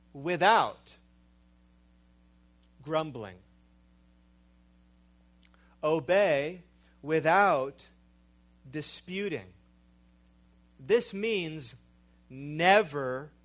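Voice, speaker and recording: Slow, emphatic male preacher. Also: fairly bright tone. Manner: slow, emphatic, dramatic drops to a low mutter. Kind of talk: sermon.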